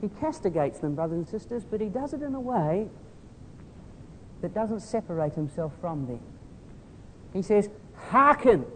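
A man's voice: expressive, moderate pace. Man preaching in a reverberant hall. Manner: earnest, swings from soft tender asides to loud emphatic appeals. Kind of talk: sermon. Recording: hall reverb with faint rumble.

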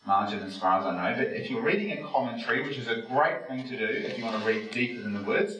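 A man's voice: mid-range voice, quick pace. A man leads a conversational Bible lesson, asking his listeners question after question in a folksy, chatty way. His voice comes from some distance off the mic and rings through a very echoey room, with faint music beneath. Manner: asks the listeners rhetorical questions; folksy, chatty, with frequent fillers. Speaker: Bible teacher. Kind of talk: conversational Bible study sermon.

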